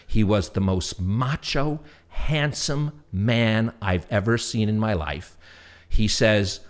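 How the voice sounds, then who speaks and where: A man with a New York accent tells stories from his career as an interview guest. His voice sits fairly low, and he acts out other people's lines and laughs as he goes. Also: takes it slowly. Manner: animated anecdotes, acts out quoted voices, laughs often. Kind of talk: storytelling interview.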